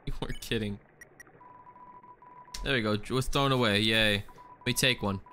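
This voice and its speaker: A man commentating a video game casually, reacting loudly and reading on-screen text aloud. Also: on the low side, measured pace, a little hiss or hum. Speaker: gaming YouTuber. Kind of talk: casual let's play commentary.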